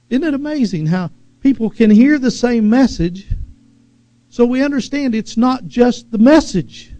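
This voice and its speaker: A man preaching a sermon as pastor to a church service, with emphatic repeated phrases, sudden loud peaks and calls to the congregation. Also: sits high, expressive, moderate pace, dry recording, poor audio.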